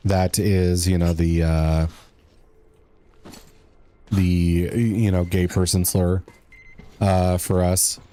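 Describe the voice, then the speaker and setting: A man's voice: low voice, flat delivery, drawn-out words, long pauses, dark tone. A young man streaming a game, rambling casually to his chat as he plays. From United States. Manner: rambling, chatty, talks to chat while playing. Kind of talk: casual gameplay commentary.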